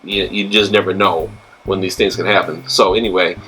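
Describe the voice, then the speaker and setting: A man's voice: sits low, steady tone, a little fast, sharp tone, faint music behind, low-quality recording. A man hosting a casual travel chat, talking loosely with many fillers and restarts. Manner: chatty, filler-heavy, restarts often. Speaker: host.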